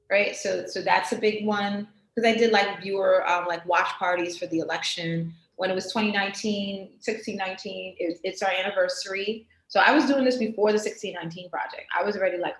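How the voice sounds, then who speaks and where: Animated New York woman on a call. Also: on the low side. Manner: animated, emphatic storytelling. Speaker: guest artist. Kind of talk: casual interview chat. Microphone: video call. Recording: roomy echo on a video call.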